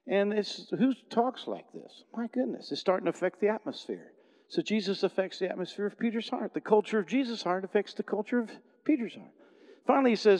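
A middle-aged man preaching a sermon in a conversational storytelling way, often restarting sentences and swinging between loud and soft. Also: high-pitched, long reverb tail. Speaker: pastor.

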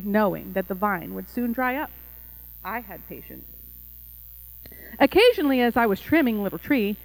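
A woman narrating a first-person allegorical story in a gentle, tender, measured way. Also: on the high side, poor audio.

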